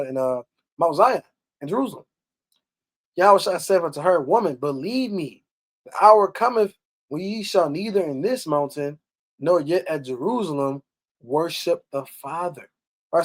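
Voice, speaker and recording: A man teaching scripture in a blunt, preachy way, who reads verses aloud, explains them with rhetorical questions and scolds his listeners. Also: high voice. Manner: blunt and scolding, with mild swearing. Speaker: bible teacher.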